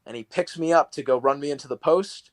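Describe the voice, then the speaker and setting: A man's voice: fairly high pitch, fast talker, dry recording, low-quality recording. A young man, a professional wrestler guesting on a podcast, telling stories in a casual, rambling way full of fillers. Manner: rambling, filler-heavy storytelling. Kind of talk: casual storytelling interview.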